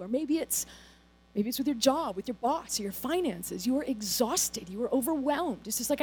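A woman pastor with a very high voice delivers a sermon. She tells the story casually and with animation, slipping into the characters' lines as she goes. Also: lively intonation, fairly quick, darkish tone, breathy edge.

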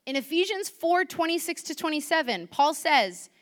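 A woman giving a sermon in church, chatty and lively, asking the congregation questions. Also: high voice, normal speed. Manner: lively, conversational, asks the audience questions. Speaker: preacher.

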